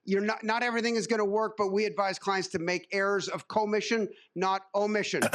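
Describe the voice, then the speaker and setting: Male keynote speaker with a high voice, dry wit and plenty of filler words. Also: fairly even intonation, a little fast, a bit bright. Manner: wry, joking asides with frequent uh fillers. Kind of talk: conference keynote talk. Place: conference stage.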